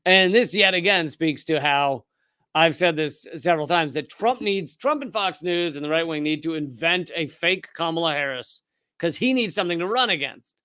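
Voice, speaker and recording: A man from Richmond, Virginia, with a Southern US accent hosts a live political commentary stream, talking back to the chat sardonically and rapidly, restarting often. His voice is a little high, animated, bright, forceful, clear and resonant, in a dry, studio-quality recording.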